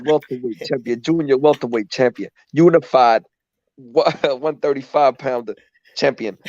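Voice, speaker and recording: A grand male boxing ring announcer, as a man hams it up, stretching every title in a booming, drawn-out call. His voice sits at a middle pitch and comes through dull and lo-fi, with a dry, close sound. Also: a little mellow, dry recording, close to an everyday voice. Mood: announcing.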